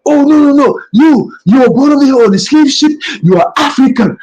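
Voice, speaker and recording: Man's put-on whiny commenter, tearful and pleading, high and husky, swinging wildly in pitch. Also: lively intonation, a little fast, darkish tone, rough recording. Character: whiny, protesting social-media commenter.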